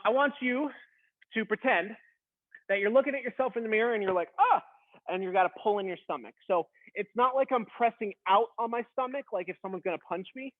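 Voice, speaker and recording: A man instructing a beginner workout, coaching in a casual, encouraging way while straining through a plank. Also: high-pitched. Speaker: fitness instructor. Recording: tinny phone-like sound.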